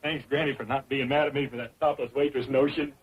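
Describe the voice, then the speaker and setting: A man's voice: mid-range voice, fairly even intonation, fast talker, slight background noise, close to an everyday voice. An actor playing an eager, boastful young hillbilly man in a 1960s sitcom, with a Southern rural accent. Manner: eager, cocky, folksy. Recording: dull old TV audio, loud laugh track.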